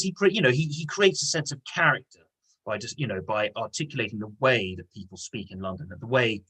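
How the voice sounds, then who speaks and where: A husky man of middle pitch teaches an English lesson online. He explains in stops and starts, repeating words, and slips into acted voices when he reads dialogue aloud. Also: bright, forceful tone, rough recording.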